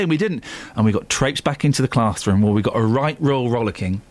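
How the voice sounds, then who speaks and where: A man hosting a radio show, telling school stories in a jokey, animated way. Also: mid-range voice, fairly quick, no room sound. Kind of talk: casual radio banter.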